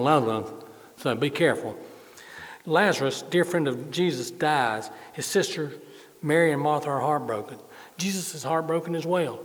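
A man's voice: on the high side, fairly bright tone. Man preaching in a reverberant hall. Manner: repeats phrases for emphasis, folksy humor. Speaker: pastor. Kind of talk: sermon.

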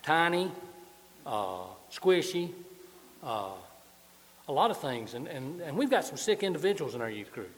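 A man's voice: on the high side, very animated, brisk, a little hiss or hum. A man preaching a sermon, joking and folksy, moving around as he talks. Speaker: pastor. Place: church sanctuary with balcony. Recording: long church reverb.

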